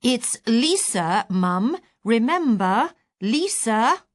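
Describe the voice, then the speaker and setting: A woman's voice: on the high side, big pitch swings, pitched above the performer's own voice, heavily acted. A woman doing an icy, clipped grown daughter. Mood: patronizing. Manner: slow, loud, over-enunciated.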